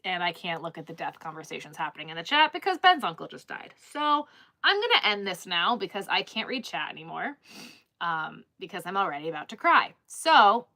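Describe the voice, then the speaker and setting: Bright-voiced chatty woman live streamer. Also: medium pitch. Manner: rambling, chatty, lots of "like" and restarts. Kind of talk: casual live stream chat.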